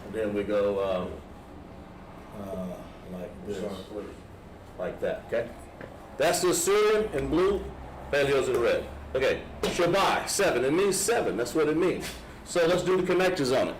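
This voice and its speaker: A man's voice: mid-range voice, sing-song, normal speed. A man with a Southern American accent, patiently explaining a lettering lesson step by step to a class. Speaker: Hebrew lettering teacher. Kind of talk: classroom instruction. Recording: echoey room with background noise.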